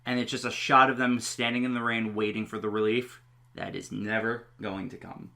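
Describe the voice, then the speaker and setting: A man's voice: on the low side, flat delivery, moderate pace, vocal fry, pushed and bright. A man co-hosting a podcast, recapping a horror film's plot in a plain, casual way. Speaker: podcast co-host. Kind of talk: casual film review chat.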